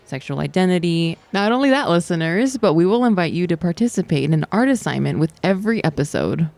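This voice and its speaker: A woman's voice: fairly low pitch, darkish tone. A woman co-hosting a podcast, explaining things earnestly in casual, partly scripted banter, with a playful edge. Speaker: podcast co-host.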